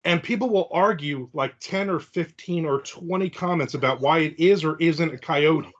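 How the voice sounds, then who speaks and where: A man hosting a podcast in casual chat, telling animated stories and acting out the people he quotes. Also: a little high, normal speed, muffled recording. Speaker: podcast host.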